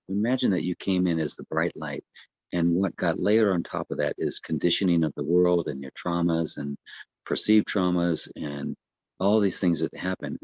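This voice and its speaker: A man, a breathwork coach, explaining the practice in a gentle, unhurried way with many fillers and restarts. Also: low voice, no room sound. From United States. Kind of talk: casual explanatory talk.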